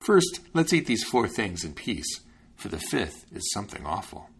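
A man voicing a crafty poor farmer in a fairy-tale reading, sly and deliberate. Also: fairly low pitch, sing-song, gravelly, breathy edge, heavily acted.

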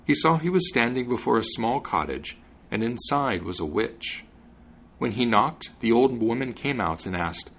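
A man hosting a podcast, narrating a fairy tale in an expressive reading voice. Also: medium pitch, moderate pace, vocal fry. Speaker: podcast host and reader. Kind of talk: storybook narration.

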